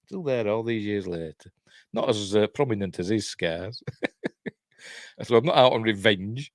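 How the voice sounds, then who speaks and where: A man's voice: on the low side, animated, measured pace, no echo, clean studio sound. A man giving a rambling, sardonic casual film commentary, chuckling often as he walks through a movie. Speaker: film reviewer.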